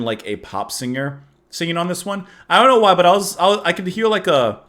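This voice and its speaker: A man's voice: on the high side, fairly bright tone. Man, reaction host, casual rambling commentary, voice rises and falls a lot, self-amused. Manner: rambling, musing, chuckles at himself.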